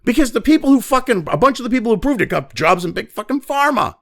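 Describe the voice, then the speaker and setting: A man's voice: very high voice, very animated, quick pace, gravelly, fairly bright tone. A man hosting a commentary show, ranting angrily with constant swearing and mocking asides. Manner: angry, heavy swearing, mocking quoted voices. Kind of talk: profane opinion rant.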